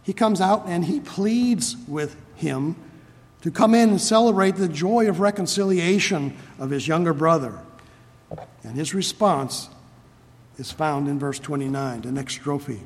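A man preaching an expository sermon, reading scripture aloud and explaining it earnestly, slowing down to stress key phrases. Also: on the high side. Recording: long hall reverb.

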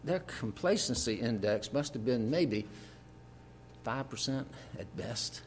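A man's voice: medium pitch, animated, slow, slight background noise. A man preaching a sermon, reading scripture aloud and adding folksy, joking asides with frequent fillers.

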